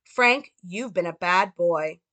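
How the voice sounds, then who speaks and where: A woman voicing a cold, punishing mother who scolds her young son in a flat, firm way. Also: fairly low pitch, takes it slowly, heavily acted. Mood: stern.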